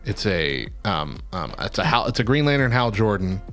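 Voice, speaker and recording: Lively, chatty male stream co-host. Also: on the low side, normal speed, faint music behind. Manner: animated, rambling, laughs often. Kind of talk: casual chat.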